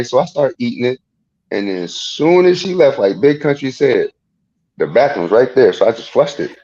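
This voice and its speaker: A man on a comedy panel tells an amused story about his family. His voice sits at a middle pitch for a man and sounds dull and lo-fi. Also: expressive, fairly quick, dark tone. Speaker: panel guest. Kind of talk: anecdote.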